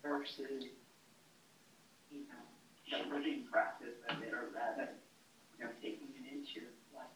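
A man asking halting questions as a student in a small class. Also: medium pitch, flat delivery, fairly bright tone. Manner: hesitant, halting. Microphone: far from the speaker. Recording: distant, roomy, faint hiss.

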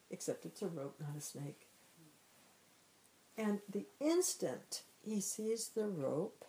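A woman giving a spiritual teaching talk in a relaxed, conversational way, often repeating herself and saying "you know". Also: medium pitch, low-quality recording.

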